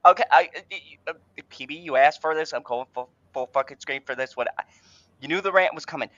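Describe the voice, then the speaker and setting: A man's voice: a little high, a little fast, pushed and bright, no echo. A man hosting an online fan podcast, ranting angrily with heavy profanity and stammered restarts. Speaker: podcast host. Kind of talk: ranting casual chat. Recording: dull, dry home mic sound.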